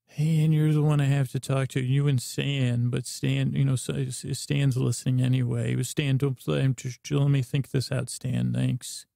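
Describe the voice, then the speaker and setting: A man hosting a sleep podcast, rambling and stammering in a low-key way as a downcast spaceship pilot writing to his pen pal. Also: little pitch movement, normal speed, creaky, few pauses, dark tone, no room sound, clean studio sound. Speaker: podcast host and storyteller. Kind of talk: rambling sleep-story improv.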